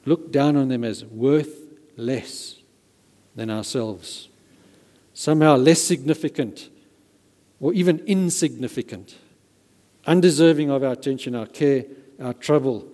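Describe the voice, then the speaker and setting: A man's voice: medium pitch, unhurried, pauses often, warm tone. A man preaching a sermon as pastor, emphatic and given to repeating words for stress. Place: church hall. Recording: reverberant church hall.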